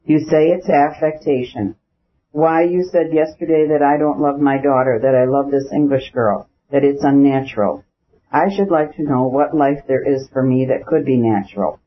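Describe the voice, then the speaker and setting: A man's voice: medium pitch, steady tone, moderate pace, lightly acted. A man voicing a bitter, jealous noblewoman. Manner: pleading, bitter and accusing. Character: proud, jealous young noblewoman, anguished. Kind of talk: audiobook reading. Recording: dull lo-fi recording.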